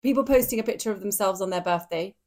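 A woman co-hosting a casual podcast chat, giggly, self-deprecating and quick to agree. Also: mid-range voice, a little mellow. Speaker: podcast co-host.

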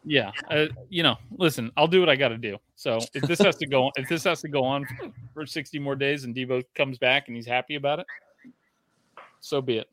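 A man's voice: mid-range voice, a little fast, a bit bright. A man co-hosting a casual podcast from his garage, rambling and swearing casually as he trails off and restarts. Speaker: podcast co-host. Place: home garage.

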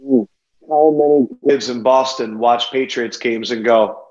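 Playful man on an echoey phone line. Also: medium pitch. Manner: excitable, playful, quick asides. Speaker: podcast host. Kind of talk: casual sports betting chat. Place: home in a city apartment. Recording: echoey room over a phone.

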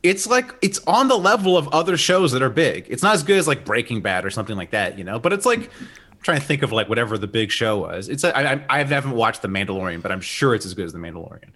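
A man's voice: medium pitch, big pitch swings, fast, fairly bright tone. A man co-hosting a casual podcast chat, enthusiastically recommending music and shows. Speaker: podcast co-host.

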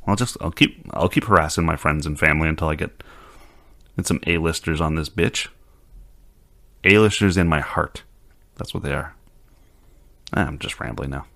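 Low gravelly guy hosting his podcast, rambly and laid back, swears a lot. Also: moderate pace, long pauses, pushed and bright. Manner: rambling, profane, easygoing. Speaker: podcast host. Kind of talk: casual podcast chat and outro. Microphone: studio mic with headphones.

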